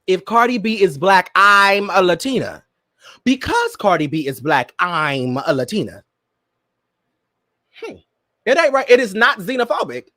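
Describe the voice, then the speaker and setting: A man's voice: high voice, very animated, a little slow, long pauses, sharp tone, dry recording, clean studio sound. A young man hosting a casual pop-culture commentary show, talking dramatically and laughing often. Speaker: podcast host.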